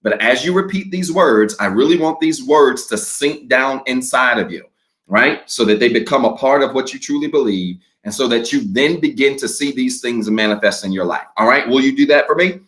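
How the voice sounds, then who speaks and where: Male pastor, mid-pitched, lively, direct address to online viewers, slow measured reading. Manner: energetic, talks to viewers directly. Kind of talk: livestreamed sermon.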